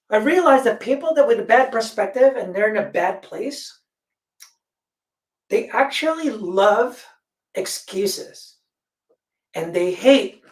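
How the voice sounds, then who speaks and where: A woman in a casual discussion, telling stories bluntly and swearing freely. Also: medium pitch. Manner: blunt, profane, animated storytelling. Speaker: panel guest. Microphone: video call. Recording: echoey room, distant mic.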